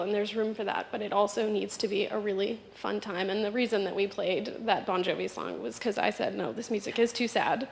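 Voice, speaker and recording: A young woman giving an emotional speech at a memorial service, halting, restarting and laughing through tears. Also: mid-range voice, gravelly, slight background noise. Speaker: memorial speaker. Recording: echoey hall with long reverb.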